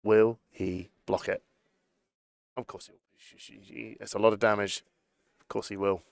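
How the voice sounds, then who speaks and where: A man calls a card game final with playful banter, often trailing off mid-thought. His voice has a gravelly edge but stays smooth and clear. The sound is dry and close. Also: on the low side, flat delivery, measured pace, no room sound. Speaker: co-commentator. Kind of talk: live card game commentary.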